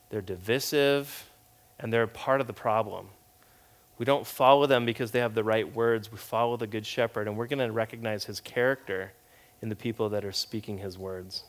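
Animated storytelling male preacher. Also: medium pitch. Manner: animated, conversational storytelling with big swings in volume. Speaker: pastor. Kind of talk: sermon.

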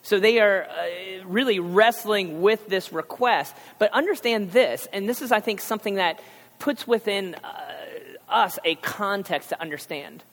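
A man's voice: high-pitched, a bit bright. Male pastor, conversational sermon with acted-out asides; long hall reverb. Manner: conversational, acts out characters in quick asides.

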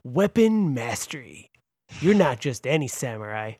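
A man putting on a dramatic trailer announcer voice with booming, theatrical promo delivery. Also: big pitch swings, a little slow, darkish tone, slightly rough, dry recording, clean studio sound, heavily acted.

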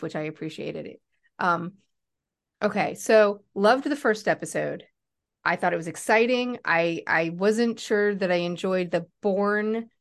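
A woman with a fairly low voice chats casually on a fan podcast. She is wry and candid, with a dry, joking edge. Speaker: podcast co-host.

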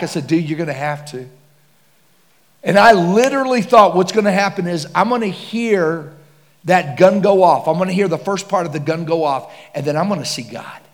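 A man preaching with dramatic storytelling, swinging from hushed to loud and excited. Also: fairly high pitch, a little fast. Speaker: pastor. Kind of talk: sermon storytelling. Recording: long hall reverb.

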